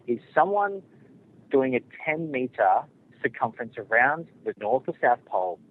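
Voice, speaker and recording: A man's voice: medium pitch, slight background noise. Australian man calling in on a phone line. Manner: chatty, casual and blunt. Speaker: caller. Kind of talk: phone-in call.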